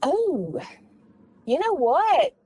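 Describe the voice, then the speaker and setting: A woman author in an interview, telling jokes in an animated way. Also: sits high, drawn-out words, no echo, rough recording. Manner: animated joke teller.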